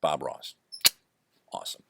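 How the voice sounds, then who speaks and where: A man's voice: a little slow, background noise. A man chatting casually to camera at home through his laptop mic, rambling and joking at his own expense. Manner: rambling, self-deprecating, full of digressions. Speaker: vlogger. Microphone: laptop microphone.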